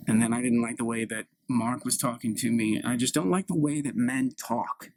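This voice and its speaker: A man playing a halting, aggrieved daughter. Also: mid-range voice, fairly even intonation, a little mellow, slight background noise, natural voice, rough recording. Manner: halting, repeats herself, plaintive. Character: anxious young woman, insecure and aggrieved daughter. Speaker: improv performer. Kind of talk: solo improv scene.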